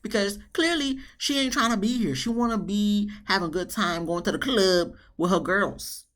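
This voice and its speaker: A woman talks straight to her viewers in a loose, chatty vlog review. Her delivery is emphatic and a bit dramatic, full of asides and repeated punch lines, at an ordinary mid pitch for a woman. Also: moderate pace. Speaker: TV show reviewer.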